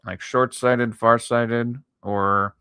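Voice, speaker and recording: A man chatting casually with his viewers while he draws late at night, sleepy and yawning, swearing freely, talking to chat between long pauses. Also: mid-range voice, steady tone, bright, forceful tone, clean tone, no echo. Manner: laid-back, swears a lot, talks to chat between pauses. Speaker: art streamer.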